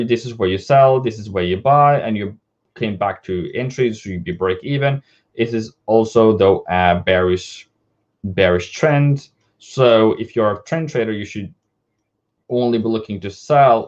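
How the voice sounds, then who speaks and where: Man, live trading analyst; casual, straight-talking, lively pitch, dull lo-fi audio. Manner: casual, direct, talks to viewers as "bro" and "my brother". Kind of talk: live market analysis stream.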